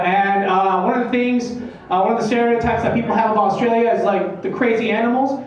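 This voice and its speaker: High-voiced self-mocking male comic. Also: steady tone, a little fast, dull audio. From South Korea. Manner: self-mocking, acts out loud shouted bits. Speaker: stand-up comedian. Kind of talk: stand-up comedy. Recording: echoey club from far off, loud crowd.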